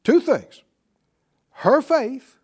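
A man's voice: extremely high pitch, big pitch swings, drawn-out words, a little mellow, slightly rough. A man teaching a Bible class in a call-and-response style. He stresses and repeats key words and has the class repeat lines back to him.

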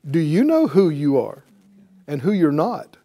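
Man preaching, high lively voice, acts out the people in the story, asks the room questions. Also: measured pace. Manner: animated, acts out quoted voices, rhetorical questions. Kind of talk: sermon.

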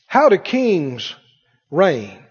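Male pastor, high animated voice, husky edge, emphatic sermon delivery; dull, echoey church hall recording. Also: extremely slow. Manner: emphatic preacher, swings from loud to hushed. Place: church sanctuary.

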